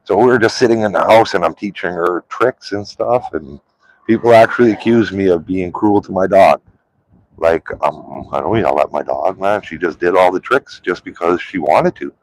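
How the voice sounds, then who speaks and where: A man's voice: low voice, moderate pace, rough recording. A man chatting loosely on a live stream, full of "like" and "um", rambling from one thought to the next. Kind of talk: casual live-stream chat.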